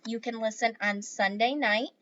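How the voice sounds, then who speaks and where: A woman's voice: a little high, moderate pace, highs cut off. A woman teacher reading a children's novel aloud to her class, then giving the students a task. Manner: clear, steady read-aloud with classroom asides.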